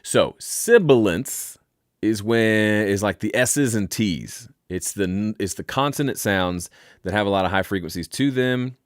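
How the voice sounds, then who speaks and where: Playful, lower-voiced man hosting a studio Q&A. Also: expressive, measured pace, no echo. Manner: playful, jokey, explains with asides. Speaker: host. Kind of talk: live Q&A, home studio mixing demo. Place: home studio.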